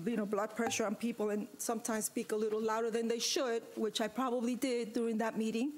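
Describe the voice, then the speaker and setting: A woman serving as vice mayor, giving a firm, emphatic statement at a city commission meeting and repeating her points with pauses. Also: fairly high pitch, darkish tone. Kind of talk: formal statement at a public meeting.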